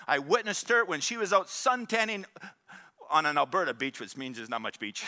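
Older pastor, high bright voice, animated joking sermon. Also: male voice, normal speed, long pauses, slight background noise. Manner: animated, joking storyteller who prompts the congregation.

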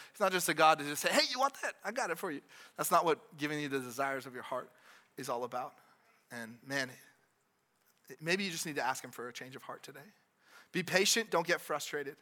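A man preaching a sermon in a conversational way, repeating phrases and dropping in quick asides. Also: high voice, bright, forceful tone. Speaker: pastor. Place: church with congregation.

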